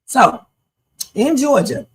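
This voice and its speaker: A woman's voice: a little high, big pitch swings, slow pace, a little hiss or hum, low-quality recording. A middle-aged woman hosting a reaction livestream, giving blunt, emphatic commentary straight to her chat.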